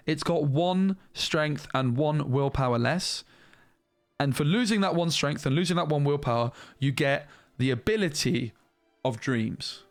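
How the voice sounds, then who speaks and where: A man giving casual, animated commentary as he reviews trading cards, thinking aloud and restarting sentences as he goes. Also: on the high side, no echo. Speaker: card game reviewer.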